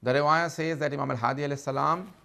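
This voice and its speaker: A man's voice: a little high, fairly even intonation, racing, creaky, bright, forceful tone. A man preaching a sermon, telling a sad story with growing emotion. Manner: impassioned, rising in grief.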